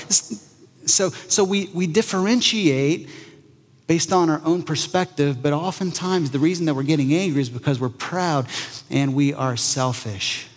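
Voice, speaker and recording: A man preaches to his congregation in a casual, conversational way, slipping into lively voices when he quotes people. His voice sits a bit high for a man. A long reverb trails his words, as in a large hall. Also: moderate pace. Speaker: pastor. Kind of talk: sermon.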